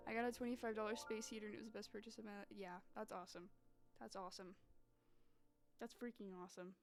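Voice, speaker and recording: A young woman from North Carolina, chatting casually with her live-stream viewers in a sassy, animated way. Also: medium pitch, quick pace. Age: young adult. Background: music.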